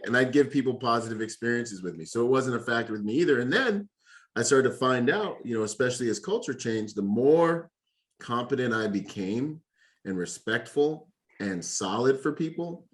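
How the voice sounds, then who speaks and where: A man from the Bahamas who hosts a podcast, talking in an animated, joking way in casual conversation. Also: mid-range voice, fairly quick. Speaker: podcast host.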